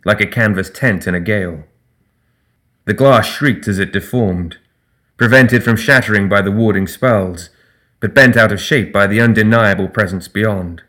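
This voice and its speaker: A man narrating a fantasy audiobook in a steady, even storytelling voice. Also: lowish voice.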